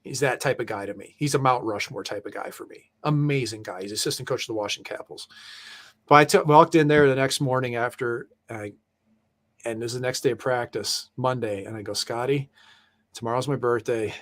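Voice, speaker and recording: A man's voice: mid-range voice, fairly quick, a bit bright. A middle-aged man, a former pro goalie, telling loose, profane stories in casual chat and laughing through them. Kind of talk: casual storytelling.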